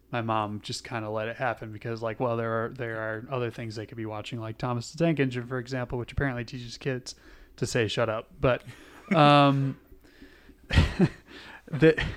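A man's voice: medium pitch, clear, resonant tone. A young man co-hosting a casual podcast, rambling with lots of "like" and restarts. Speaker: podcast co-host. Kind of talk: casual chat.

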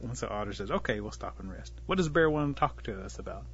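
A man telling a traditional animal tale in an unhurried, folksy way, giving the animals light voices of their own. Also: fairly low pitch, lively intonation, slightly rough, dull audio. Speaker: storyteller. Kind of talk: oral storytelling of a traditional tale.

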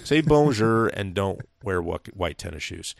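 Low gravelly profane man. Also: expressive, a little slow, no echo, studio quality. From Seattle, USA. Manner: profane, emphatic, opinionated. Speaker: podcast co-host. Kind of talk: casual chat.

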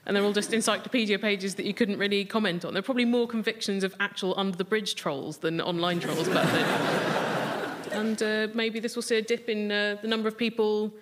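A woman's voice: mid-range voice, fairly even intonation, brisk, a little hiss or hum. A woman panellist on a comedy news quiz, chatting wryly with jokey asides. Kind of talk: comic panel banter.

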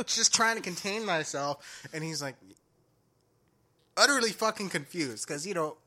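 A young man telling a story in casual chat with friends, animated, laughing often and swearing freely. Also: high voice, a little slow.

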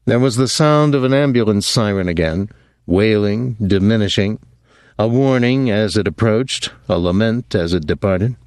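A man narrating an audiobook in a measured, even storytelling voice. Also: on the low side, smooth, no room sound, clean studio sound. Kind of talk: scripted narration.

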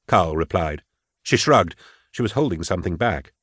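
A man narrating an audiobook in a measured, even storytelling manner on a close mic. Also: deep voice, no room sound. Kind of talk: audiobook reading.

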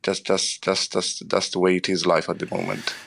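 Low gravelly halting working father. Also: flat delivery, a bit bright. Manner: halting, repeats words, many "you know" fillers. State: emotional, strained. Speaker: interviewee, working parent. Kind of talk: emotional radio interview.

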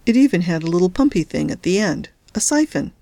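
A woman's voice: lowish voice, sing-song, brisk, gravelly, warm tone. A woman hosting a story podcast, reading narration and adding casual, wry comments.

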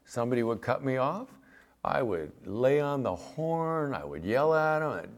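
A man's voice: mid-range voice, expressive, a little slow. A middle-aged man preaching a sermon, talking in a conversational, folksy way and telling stories from his own life. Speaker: pastor.

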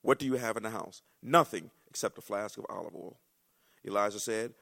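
A male pastor, preaching a sermon with folksy asides that build into shouting excitement. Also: mid-range voice, fairly quick, vocal fry.

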